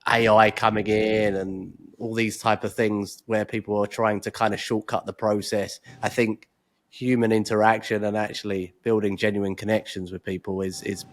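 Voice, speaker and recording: A man hosting an interview, asking halting questions with many restarts and repeated words. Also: on the low side, level tone. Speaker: interview host.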